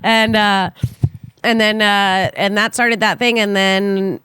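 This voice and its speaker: A woman's voice: slow pace, clear, resonant tone, no room sound. Woman telling a wild story, dry mic. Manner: animated, acts out quotes with big pitch jumps. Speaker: podcast guest, comedian. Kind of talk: casual storytelling.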